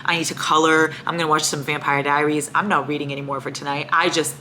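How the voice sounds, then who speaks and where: A woman's voice: low voice, fast, a little hiss or hum. Young woman ranting in a casual vlog. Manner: animated, ranting, swears freely. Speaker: book vlogger. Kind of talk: casual reading vlog chat.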